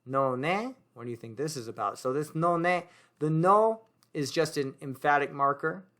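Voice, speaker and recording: Man explaining grammar on a board, bright clear tone, relaxed, self-correcting. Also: on the high side, normal speed. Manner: relaxed, thinks aloud with fillers and self-corrections. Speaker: language teacher.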